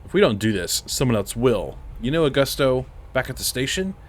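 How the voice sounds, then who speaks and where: A man reading the lines of an ambitious, pushy female TV reporter aloud from a game, in a brisk, persuasive manner. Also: mid-range voice, sing-song, a little hiss or hum, pitched above the performer's own voice, natural voice.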